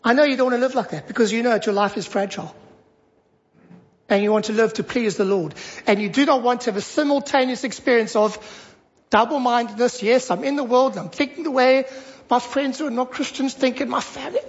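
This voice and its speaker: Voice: medium pitch, brisk. A preacher giving a sermon, emphatic and fond of repeating short phrases for stress. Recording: dull lo-fi recording.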